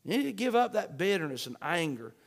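A man preaching a sermon, fervent, swinging between shouts and hushed pleading. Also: high voice, sing-song, fairly quick, creaky. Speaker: pastor. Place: church sanctuary. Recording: long hall reverb.

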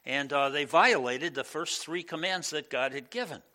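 A male pastor giving a conversational sermon in a church, animated and full of asides. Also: fairly high pitch, normal speed.

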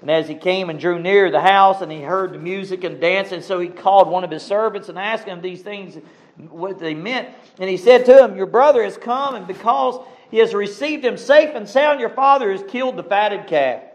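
A man preaches a sermon, reading scripture aloud and commenting on it, swinging dramatically between loud exclamations and hushed asides. His voice sits high at a normal speed, and the recording quality is low.

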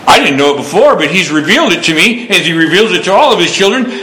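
Folksy preacher with an echoey bright voice. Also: male voice, sits high, animated, fast, a little hiss or hum. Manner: folksy preaching with Bible quotations and stories. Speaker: pastor. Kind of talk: sermon.

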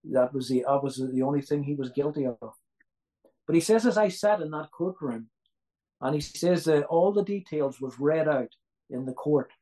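A man's voice: on the high side, lively intonation, normal speed, warm tone, poor audio. A man delivers a sermon in a slightly raised voice. He is earnest and doubles back on key phrases for emphasis. He often turns to his listeners with rhetorical questions. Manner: asks the audience rhetorical questions. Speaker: preacher.

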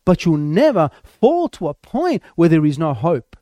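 A man's voice: on the high side, sing-song, measured pace, mellow, no room sound, clean studio sound. A male preacher delivering a sermon, emphatic and repetitive, building force on key phrases.

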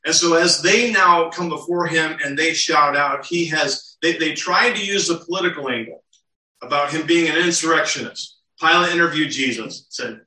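Bright-voiced male preacher in an echoey hall. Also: on the high side, moderate pace. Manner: asks rhetorical questions, acts out quotes. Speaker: pastor. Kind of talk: expository sermon. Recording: echoey room, mic at a distance.

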